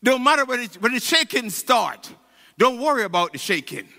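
High-voiced fervent preacher man. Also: sing-song, moderate pace, in a large hall. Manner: fervent preaching with shouted peaks and call-and-response. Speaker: pastor. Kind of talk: sermon. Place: church sanctuary.

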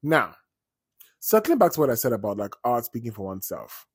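A man chatting as a vlogger, wandering off on tangents and swearing freely. His voice is slightly husky, at a middle pitch for a man. The recording sounds dry and close. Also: sing-song, brisk, no echo. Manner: chatty, digressive, swears casually. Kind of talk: casual storytelling commentary.

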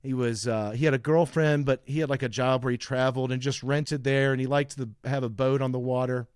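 A man's voice: medium pitch, steady tone, fairly quick, a little mellow, clear, resonant tone, no room sound. A man in his thirties co-hosting a podcast, telling long rambling stories with frequent laughs. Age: 30s. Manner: rambling storyteller, laughs often. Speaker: podcast co-host. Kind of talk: casual chat.

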